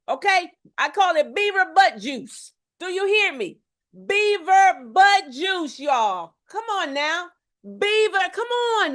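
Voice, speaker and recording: A middle-aged woman from Houston, Texas coaches an online audience during a live health challenge, her voice high, ringing, and a bit bright. She speaks with preacher-like emphasis, repeats her lines, and keeps checking that viewers are following her.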